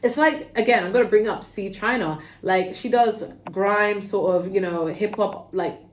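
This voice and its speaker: A woman's voice: mid-range voice, normal speed, slight background noise. London woman doing a tarot pick-a-card, chatty, keeps saying okay, bit of room echo. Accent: London English. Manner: chatty, animated, peppered with "okay?" and "like". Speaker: tarot reader. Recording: roomy echo.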